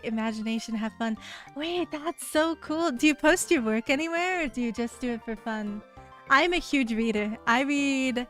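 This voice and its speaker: Chatty, upbeat young woman streamer. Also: fairly high pitch. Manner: chatty and upbeat, reads viewer messages aloud, laughs often; heavy use of "like" fillers. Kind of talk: casual live-stream chat with viewers. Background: faint background music.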